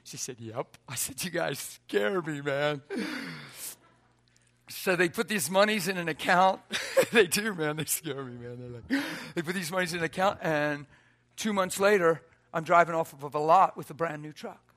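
Male preacher, high voice, bright tone, animated storytelling sermon. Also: moderate pace. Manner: animated, acts out quotes, laughs often.

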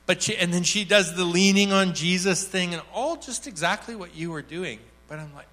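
A man's voice: high voice, normal speed, bright, forceful tone. A man speaking at a church workshop, telling an anecdote and acting out the quoted voices with animation. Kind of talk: teaching talk with acted anecdote.

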